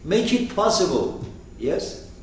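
Animated man lecturing in an echoey room. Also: high voice, slow. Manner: animated, swings from loud to hushed, acts out quotes. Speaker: teacher. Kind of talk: expressive lecture on a poem. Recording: echoey room, far from the mic.

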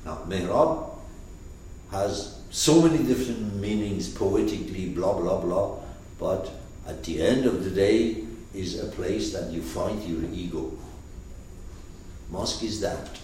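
Man, teacher, slow delivery, emphatic questions, very echoey room, faint background noise. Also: low-pitched, warm tone, distant mic. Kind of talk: lecture on a poetic text.

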